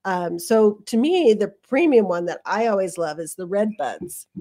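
A woman talks about plants on a studio radio show, friendly and easygoing. Her voice sits at an ordinary middle pitch. She explains things in a relaxed, chatty way. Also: moderate pace. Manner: friendly, laughs often, explanatory. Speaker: garden center co-host. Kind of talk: casual radio chat.

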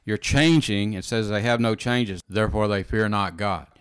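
A man's voice: on the low side, fairly even intonation, moderate pace, clear, resonant tone, no echo, clean studio sound. A man giving informal, earnest Bible teaching in conversation, repeating phrases and often saying "you know" and "amen".

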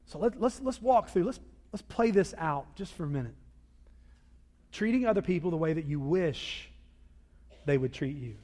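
A man preaching a sermon as a pastor, swinging from loud emphasis to quiet asides. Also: a little high, lively intonation, normal speed, pauses often. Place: church sanctuary. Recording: long reverb of a large hall.

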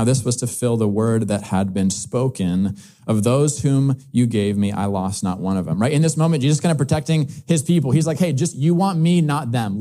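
A man's voice: mid-range voice, dark tone. A man preaching a sermon, reading scripture aloud and explaining it in a loose, conversational way full of casual filler words. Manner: conversational, uses many filler likes.

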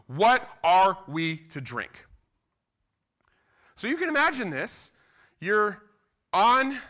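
A middle-aged man, preaching a sermon in an animated, conversational way and acting out what people say. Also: high voice. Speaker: pastor.

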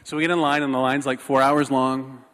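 A man preaching a sermon, telling a personal story in an animated, self-mocking way. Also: mid-range voice, a little fast, long reverb tail. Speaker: pastor.

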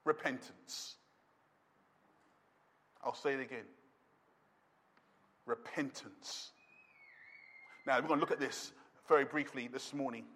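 A man preaching a sermon as pastor, emphatic, slowing down to stress words and dropping to a quiet intensity. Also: mid-range voice, fairly even intonation.

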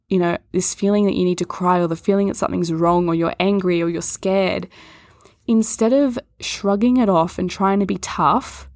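A woman's voice: on the low side, a little mellow, no room sound, studio quality. A woman yoga and Reiki teacher talking earnestly on a podcast, coaxing the listener and speaking straight to them. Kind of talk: podcast talk on chakras.

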